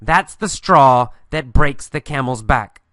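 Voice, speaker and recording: Guy teaching a mini story lesson, bright tense-ish voice, dry close sound, says everything twice real clear. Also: medium pitch, animated, dry recording. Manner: repeats lines slowly and clearly for learners. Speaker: English teacher. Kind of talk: guided story narration with instructions.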